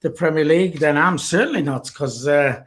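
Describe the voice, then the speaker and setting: An older man hosting a casual live fan chat, talking in a halting way with many fillers. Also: fairly high pitch, a bit bright. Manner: halting, lots of uhs and ums. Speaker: fan show host.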